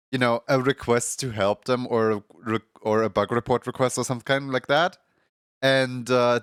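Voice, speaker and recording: A man's voice: medium pitch, fairly bright tone, smooth, no echo, studio quality. A man streaming right after waking up, talking in a groggy morning voice, rambling casually with many fillers and frequent laughs.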